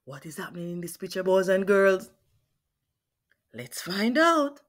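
A woman reading a picture book aloud to children, asking her young listeners questions as she goes. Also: medium pitch. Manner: slow, expressive, asks questions of listeners. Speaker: children's read-aloud host.

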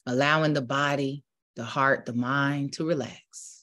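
A woman spiritual teacher, preaching with rising fervor and then leading a slow, calm guided meditation. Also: extremely low pitch.

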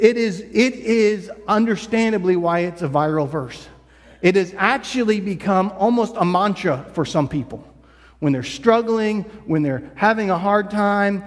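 A man's voice: high voice, big-room sound. A man preaching a sermon as pastor, in a conversational way that slips into mock quotes. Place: church sanctuary.

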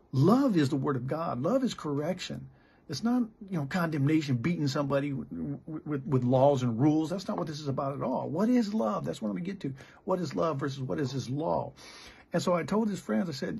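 A middle-aged man from the United States preaches with a rough, creaky rasp running through every phrase. He talks bluntly and plainly, like a pastor giving real talk. He often stumbles and restarts mid-sentence. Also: on the high side, animated, a little fast, a little mellow. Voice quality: gravelly and very raspy. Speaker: pastor and missionary. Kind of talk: candid sermon.

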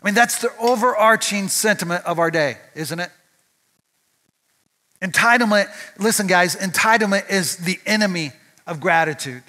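A man's voice: sits high, normal speed, bright, forceful tone. A male pastor giving a conversational sermon at church, often asking the audience rhetorical questions.

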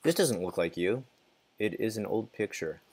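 A man's voice: fairly low pitch, expressive, normal speed, vocal fry, darkish tone, slight background noise. A man casually commenting as he plays a game, muttering, reacting and sometimes swearing. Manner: mutters and reacts while playing, swears, laughs. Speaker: gaming channel host.

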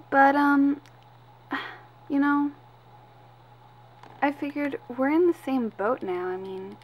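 A woman's voice: fairly high pitch, a little hiss or hum. A woman doing sheepish girl Ashley. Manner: soft, hesitant and apologetic.

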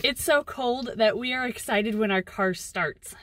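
A woman's voice: a little high, a little slow. A woman hosting a vlog, upbeat and chatty as she narrates and asks questions. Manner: upbeat, chatty, laughs often. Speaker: vlog host. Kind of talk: casual vlog narration and interviewing. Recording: background noise.

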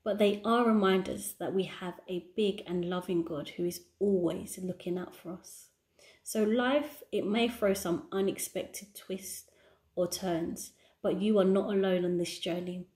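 A woman teaching a children's church lesson, explaining gently and encouragingly. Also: on the low side, steady tone, unhurried.

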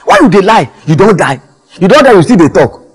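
A man's voice: high voice, big pitch swings, a little fast, breathy edge, exaggerated voice. A man with a Nigerian Pidgin accent playing a mocking male domestic worker who jeers in a sing-song way. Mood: jeering. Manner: jeering, sing-song mockery.

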